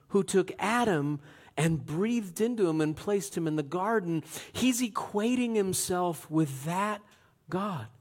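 Male pastor with a high voice, preaches in a lively, dramatic way and swings between loud and hushed. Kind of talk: sermon.

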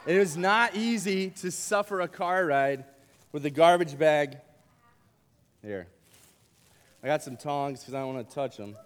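A young man preaching to a youth camp with a playful, animated delivery, joking with the audience in a large hall. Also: fairly high pitch, measured pace, pauses often. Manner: playful, animated, uses props and jokes with the crowd. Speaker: camp speaker. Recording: long hall reverb.

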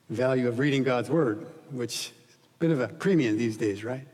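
A man preaching as pastor, earnest, dropping quiet for scripture reading and rising to emphatic pleading. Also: medium pitch, brisk, in a large hall. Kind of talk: sermon.

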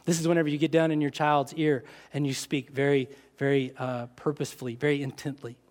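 A man preaching a sermon, expressive, dropping to soft, intent tones when he quotes scripture. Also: on the high side, brisk.

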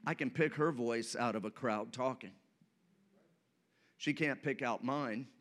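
A man's voice: mid-range voice, measured pace, a bit bright. A man preaching a sermon as pastor, leading the congregation in call-and-response and telling light stories.

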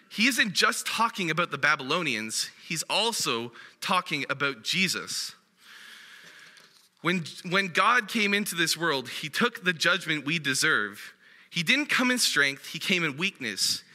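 A man giving a sermon as a guest preacher, in a conversational, animated style with casual fillers. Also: a little high, in a large hall. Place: church hall.

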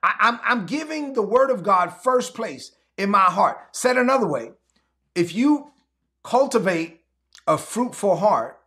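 A man's voice: high voice, a bit bright. A man preaching a sermon to an online audience, emphatic and repetitive, leading the listeners in call-and-response declarations. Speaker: pastor.

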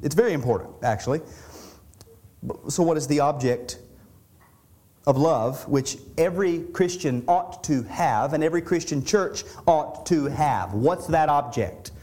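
A man's voice: a little high, a little slow, darkish tone. A middle-aged man preaching an expository sermon as pastor, earnest and conversational, often restarting and repeating words as he explains a passage.

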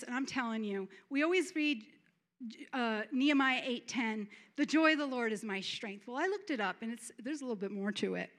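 High-pitched lady preaching with fervor, stumbles over words, laughs a lot. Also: a bit bright. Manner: fervent, breaks into laughter, repeats words. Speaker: church speaker. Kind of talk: sermon testimony.

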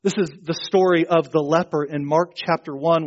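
Male pastor, high voice, lively storytelling sermon, lo-fi audio. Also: brisk, few pauses. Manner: animated storytelling, acting out Bible characters' lines.

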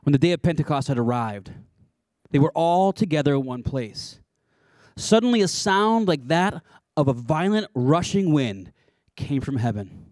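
A man preaching a sermon in an animated, conversational way, with playful asides. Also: on the high side, normal speed, dry recording, clean studio sound. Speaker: pastor.

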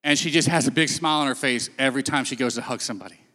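A man's voice: medium pitch, very fast, bright, forceful tone. A man telling a Bible story on stage in a casual, storytelling way, acting out the quotes. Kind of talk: sermon-style talk. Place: stage in a large hall. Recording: long hall reverb.

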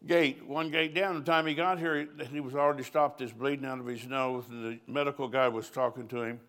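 A man's voice: mid-range voice, steady tone, brisk, fairly bright tone. An older man, a pastor, preaching at a conference in a folksy, storytelling way, chuckling between lines.

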